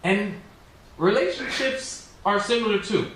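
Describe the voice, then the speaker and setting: A man's voice: sits high, expressive, a little slow. A man doing stand-up comedy at a small venue, telling stories in a rambling, self-mocking way full of "like" and "you know.". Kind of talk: stand-up storytelling. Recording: very echoey room, distant mic, faint noise.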